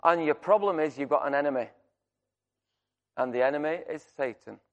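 A man's voice: fairly high pitch, fairly quick, dull audio. A man preaching a sermon, emphatic and repeating his key phrases for the congregation. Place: church. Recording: long reverb church hall.

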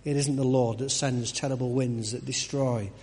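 A man's voice: mid-range voice, fairly even intonation, moderate pace, a little mellow, in a large hall. A man giving a conversational sermon, full of restarts and rhetorical questions. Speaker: preacher. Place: church.

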